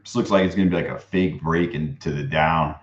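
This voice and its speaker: A young man with a very deep voice talks through his trades in a loose, crude, half-muttered stream of commentary. His voice sounds dull and lo-fi, and it rings a little in a roomy space. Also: fairly even intonation, fairly quick. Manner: loose, crude, muttering to himself with bursts of banter. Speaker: live-streaming day trader. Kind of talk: casual running commentary while trading.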